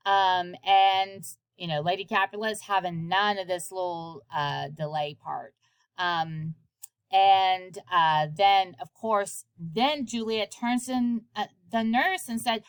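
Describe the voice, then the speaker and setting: A woman's voice: medium pitch, slow, clean tone, no room sound. A woman retelling a play in a casual, conversational way, with many fillers and quotes she acts out. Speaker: presenter of a library program.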